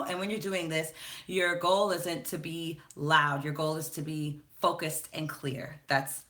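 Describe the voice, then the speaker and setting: Relaxed woman vocal coach talking slowly. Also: low voice. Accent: Southern US. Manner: relaxed coaching talk broken by sung warm-up drills. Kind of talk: live-streamed vocal warm-up lesson. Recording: instrument music playing behind.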